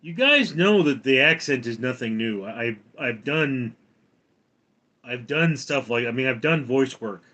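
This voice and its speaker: A man hosting a casual livestream, rambling with halting restarts. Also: mid-range voice, lively intonation, pushed and bright. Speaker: livestream host.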